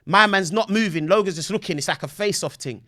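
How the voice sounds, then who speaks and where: A young man telling a story in casual chat, full of slang, acting out voices with shouts and sound effects. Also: high-pitched, fast. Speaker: podcast guest.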